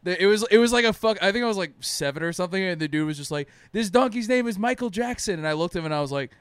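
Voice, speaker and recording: Young guy from jordan, high bouncy voice, swears a lot, dry close mic. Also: very fast, fairly bright tone, clear, resonant tone, no echo. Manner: loose, swearing, laughs often. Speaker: podcast co-host. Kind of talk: casual chat.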